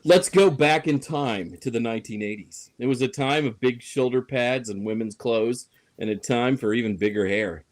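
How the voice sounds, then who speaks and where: A man's voice: mid-range voice, normal speed, hardly any pauses. A man co-hosting a casual chat show, joking with a sarcastic edge. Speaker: co-host.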